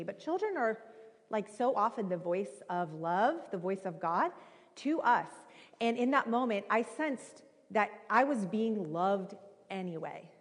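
A woman in her thirties with a voice on the high side preaches a sermon, telling a personal story in a conversational, animated style packed with fillers. The recording has the echo of a reverberant hall.

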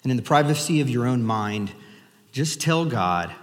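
Conversational pastor in a reverberant hall. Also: male voice, medium pitch, lively intonation, moderate pace. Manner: conversational, invites the congregation to repeat words. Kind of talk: sermon.

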